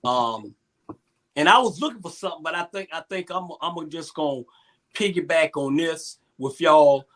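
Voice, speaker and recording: A man speaks earnestly on a panel talk show. He talks haltingly, restarting and repeating phrases as he works through his thoughts. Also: a little high, lively intonation, fairly bright tone. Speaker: youth basketball coach, co-host.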